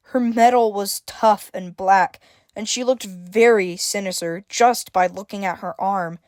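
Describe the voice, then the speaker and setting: A woman's voice: medium pitch, fairly even intonation, measured pace, darkish tone, no echo, clean studio sound. A woman reading a scripted story aloud as narrator. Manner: reads dialogue with shifting emphasis, stammers for a frightened character.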